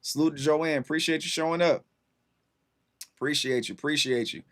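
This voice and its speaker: A man's voice: fairly high pitch, fairly quick, fairly bright tone. A man in his thirties hosting a casual livestream, chatting with viewers in a laid-back, rambling way full of slang and fillers. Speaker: livestream host.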